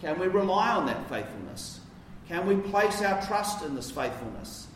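Guy giving a sermon, chatty and emphatic, kinda high voice, far from the mic with lots of church echo and faint room noise. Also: sing-song, normal speed. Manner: conversational, emphatic asides. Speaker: preacher. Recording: roomy echo from a distance.

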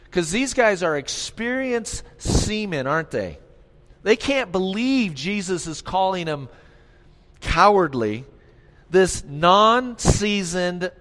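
A male pastor giving an animated sermon, often asking the congregation questions. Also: high voice. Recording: long hall reverb.

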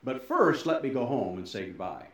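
A middle-aged male pastor giving a sermon, swinging between loud emphasis and soft, low endings, with folksy, self-deprecating asides. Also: big pitch swings, moderate pace. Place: church sanctuary. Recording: very echoey church hall.

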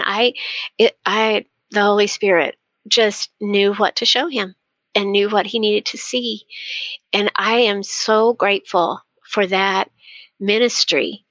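A woman's voice: mid-range voice, a bit bright, no room sound. An older woman, a podcast guest, telling a heartfelt faith story in an earnest, storytelling way. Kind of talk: personal faith testimony.

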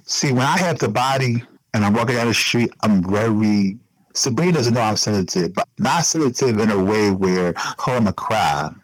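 Earnest low-voiced man in a dry interview. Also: expressive, moderate pace, dry recording, rough recording. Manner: earnest, repeats himself for emphasis. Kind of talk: emotional personal interview.

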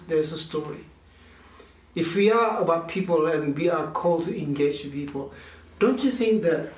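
Man, minister, earnest storytelling sermon, distant mic, echoey church hall. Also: on the high side. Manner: earnest, storytelling, frequent restarts. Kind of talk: conversational sermon with personal story.

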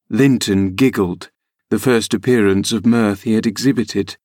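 A man's voice: on the low side, fairly even intonation, unhurried, a little mellow, dry recording, clean studio sound. Man reading a classic novel aloud. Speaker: audiobook reader. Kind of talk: scripted narration.

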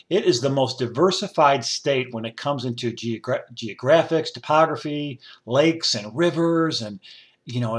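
A middle-aged man, hosting a rambling solo podcast in a folksy, digressive, enthusiastic way. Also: a little high. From upstate New York. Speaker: podcast host.

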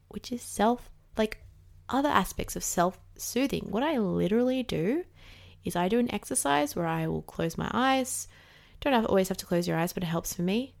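A woman with a gravelly, fry-laced voice talks in a candid, chatty way. Her pitch sits in an ordinary middle range. She fills her speech with casual fillers and the odd swear word. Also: darkish tone. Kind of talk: casual reflective monologue.

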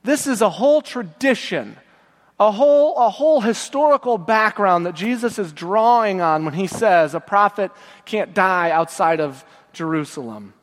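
Male pastor preaching, fairly high voice, long echo off a big church hall, trails off low at the ends. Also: expressive. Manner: slows and drops low at phrase ends; emotive scripture reading. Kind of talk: sermon.

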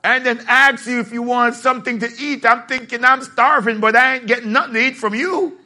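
A man preaching a sermon in a lively, plainspoken way, joking with his congregation and rising to shouts. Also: extremely high pitch, fairly quick. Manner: plainspoken, casual phrasing. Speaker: pastor.

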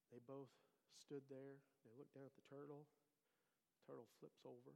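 A middle-aged man preaching a sermon in a church, telling a story with animated swings between loud emphasis and quiet asides. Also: brisk, gravelly. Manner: animated storyteller, rising loud for emphasis then dropping low. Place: church sanctuary. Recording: long hall reverb.

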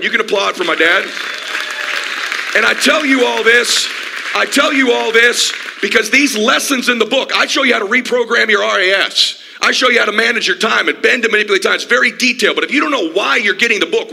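An impassioned man in his fifties delivers a motivational talk from a stage. His voice sits high and cuts bright, with a gravelly, husky grain. He leans hard on every point with emphatic force. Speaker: motivational speaker. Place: stage before a live audience.

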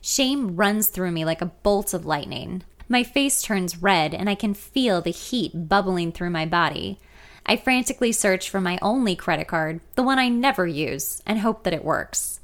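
A woman's voice: medium pitch, expressive, normal speed. A woman in her thirties reading her own memoir aloud in the first person, candid and conversational. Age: 30s. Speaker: author narrating her memoir.

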